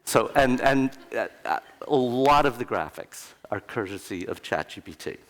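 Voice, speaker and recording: A man's voice: mid-range voice, expressive, moderate pace, fairly bright tone. A middle-aged man with a cold, giving a conference talk in a chatty way, with joking asides. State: has a cold. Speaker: conference speaker. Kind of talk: conference presentation. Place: conference hall. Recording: echoey conference hall.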